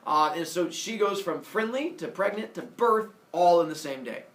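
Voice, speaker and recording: A man casually retelling a myth as a comedy story, animated, with jokey asides and lots of fillers. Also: sits high, normal speed. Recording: echoey room, mic far off.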